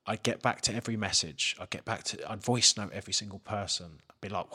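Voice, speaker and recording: A man's voice: deep voice, brisk, hardly any pauses, bright, forceful tone, husky. A man, a podcast guest telling a candid personal story and swearing freely. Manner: frank, swears freely, acts out his own inner questions.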